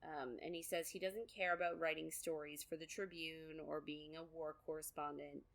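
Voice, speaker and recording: A woman's voice: sits low, flat delivery, moderate pace, vocal fry, a bit bright. A woman co-hosting a podcast, chatting casually through a book recap with lots of fillers and quoted asides. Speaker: podcast co-host.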